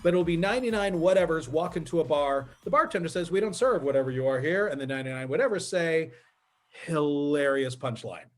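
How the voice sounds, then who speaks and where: A man's voice: on the high side, expressive, fast talker, few pauses. A man hosting a live online improv show from a video call, upbeat and chatty with frequent fillers.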